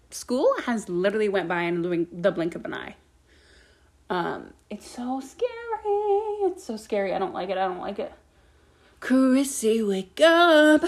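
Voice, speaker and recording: A young woman hosting her own podcast, rambling casually from topic to topic and swearing a lot. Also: fairly high pitch. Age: young adult. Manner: chatty, swears a lot, jumps between topics. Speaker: podcast host.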